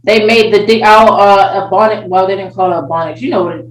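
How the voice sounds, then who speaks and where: A woman's voice: medium pitch, a little fast, reverberant, far from the mic, a little hiss or hum, low-quality recording. A woman in a casual podcast discussion, speaking hesitantly with many fillers.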